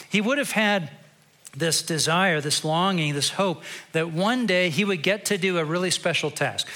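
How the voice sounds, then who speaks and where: A man preaching a sermon in a bright, forceful voice that sits a little high for a man. He tells the story conversationally and slows into quiet reflection at points. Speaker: pastor.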